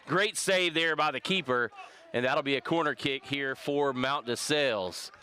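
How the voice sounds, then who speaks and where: A man's voice: medium pitch, moderate pace, pushed and bright. A man filling in as a soccer commentator, calling the plays steadily and lifting his voice on big moments. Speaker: fill-in commentator. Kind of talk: play-by-play commentary. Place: press box at outdoor field.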